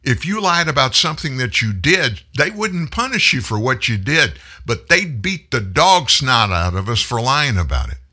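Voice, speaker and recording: A man's voice: medium pitch, very animated, normal speed, few pauses, sharp tone. A man hosting a talk show, delivering a folksy, emphatic political commentary monologue. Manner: folksy, emphatic, preachy, addresses listeners as folks.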